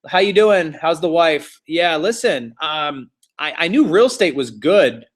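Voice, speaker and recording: Halting, stammering woman friend, played by a man, voice pitched up. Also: expressive. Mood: sarcastic. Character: hesitant woman, old high school friend.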